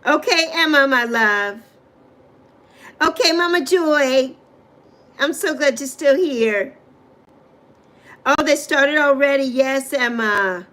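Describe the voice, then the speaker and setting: Woman, high voice, New York accent, livestream host, rambling, answers viewers by name. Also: slow pace, long pauses, fairly bright tone. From Bronx, New York, raised on Saint Croix. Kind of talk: casual livestream chat reading comments.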